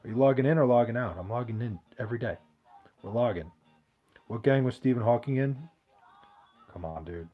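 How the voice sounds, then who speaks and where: A man's voice: mid-range voice, fairly quick, pauses often, narrow, tinny audio, soft background music. Profane, joking male podcast host. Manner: loose, profane, joking banter. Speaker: podcast host answering chat questions. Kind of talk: casual chat.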